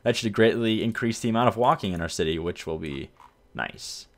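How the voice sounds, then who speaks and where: A gameplay video host offers relaxed, rambling commentary while playing a city-building game, correcting himself as he goes. His voice is lowish and brisk.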